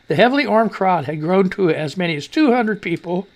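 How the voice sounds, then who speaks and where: A man's voice: high voice, animated, moderate pace. A man hosting a casual live news commentary show, ranting loosely and profanely as he reads and reacts to stories. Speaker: talk show host.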